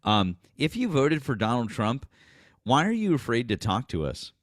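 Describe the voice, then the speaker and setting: A man's voice: mid-range voice, very animated, moderate pace. A man with a Boston accent hosting a political livestream in casual chat. He swears freely, laughs often and acts out people he mocks in a raised voice.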